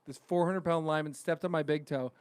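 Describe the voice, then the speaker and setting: A man in his late thirties hosting a comedy podcast, telling stories in a profane, animated, casual way. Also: on the high side, fast talker, smooth, dry recording. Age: 30s. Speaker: podcast host.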